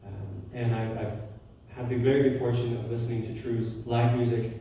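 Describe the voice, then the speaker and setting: A man giving a spiritual talk as a guest speaker, telling personal stories warmly, with frequent restarts and soft laughs. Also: mid-range voice, little pitch movement, moderate pace, a little hiss or hum. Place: church hall. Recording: roomy hall from far off.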